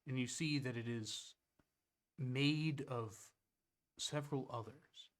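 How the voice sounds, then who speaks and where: A man's voice: medium pitch, slow pace. A man narrating as game master of a tabletop game, casual and hesitant with fillers.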